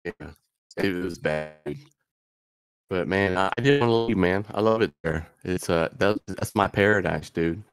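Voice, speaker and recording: A man's voice: sits low, a little slow, smooth. A man talking casually as a guest on a stream, laid-back and slangy, with swearing. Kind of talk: casual chat.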